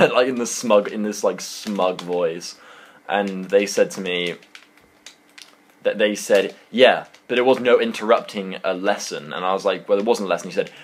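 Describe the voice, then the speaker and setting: Young british lad, deep low voice, laid-back storytime, swears a lot. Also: male voice. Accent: British English. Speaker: channel host. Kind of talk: casual storytime to camera.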